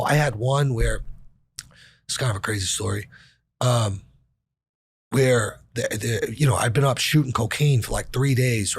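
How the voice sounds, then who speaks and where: A man in his thirties, with a lowish and slightly rough voice, tells a candid personal story as a podcast guest. The conversation is casual; he swears offhandedly and acts out the dialogue he quotes.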